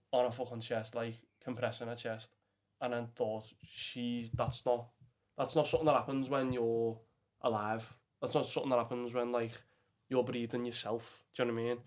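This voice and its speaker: A young man with a Liverpool Scouse accent, a podcast guest telling a personal story bluntly, swearing often and calling the listener "lad". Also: mid-range voice. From England. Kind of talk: emotional storytelling.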